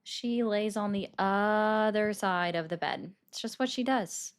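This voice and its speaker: A woman's voice: medium pitch, measured pace. A young woman, hosting a casual live stream, chatting with viewers and taking calls. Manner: chatty, reacts to viewer comments. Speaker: livestream political commentary host.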